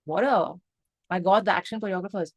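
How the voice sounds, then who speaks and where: An excitable young woman reviews a film scene by scene, speaking emphatically and a little fast with lots of fillers like "um" and "like." She swears freely and slips in Hindi phrases. Her mid-pitched voice is heard in a dry, deadened room.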